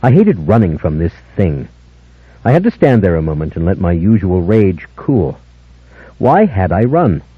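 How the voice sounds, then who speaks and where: A man narrating an unabridged audiobook in a measured, dramatic first-person style. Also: low-pitched, sing-song, husky, no room sound. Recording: dull lo-fi older audiobook, dry.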